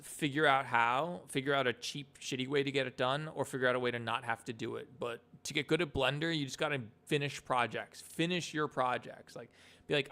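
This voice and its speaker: A man's voice: mid-range voice, fairly quick, vocal fry, bright, forceful tone. A young man casually chatting on a live stream about animation, rambling with lots of fillers.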